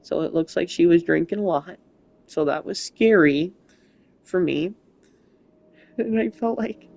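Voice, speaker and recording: Young gamer host, shaky and rambling, mid-pitched, for a heartfelt update vlog. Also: gravelly, a little mellow, no echo. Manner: emotional, halting, rambling. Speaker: gaming channel host. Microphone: console mic without camera.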